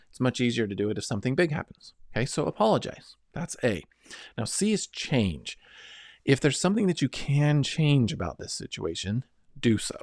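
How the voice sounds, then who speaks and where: A middle-aged man teaches a self-help method in an earnest, coaching way, pausing to check in with his listeners. His voice sits on the low side and sounds dry and close, with no room around it. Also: a little mellow, no room sound. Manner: earnest, coaching, repeats "right?" and "okay?". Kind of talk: instructional self-help talk.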